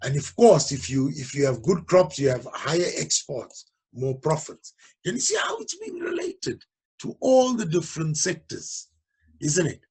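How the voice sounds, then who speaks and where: A man's voice: fairly high pitch, sing-song, normal speed, darkish tone, husky. A man teaching a geography revision lesson, often checking understanding with "okay?" and "you understand?".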